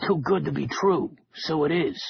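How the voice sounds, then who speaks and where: A man doing a gravelly, crude casino boss. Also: a little high, expressive, normal speed, highs cut off, full character voice. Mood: sneering. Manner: insulting, sneering. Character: crude, menacing male casino owner. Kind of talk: audiobook character voice.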